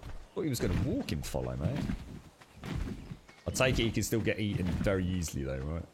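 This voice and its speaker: His low, very animated voice moves at a moderate pace as he streams a game, cracking jokes and swearing at his pet creature. Heavy background noise comes from the game music playing clearly in the recording.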